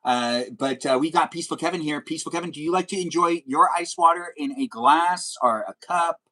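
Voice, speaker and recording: A man's voice: a little high, brisk, pushed and bright, low-quality recording. A young man hosting a casual livestream, rambling and joking as he quizzes his guests. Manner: rambling, jokey, asks guests questions. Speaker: livestream host.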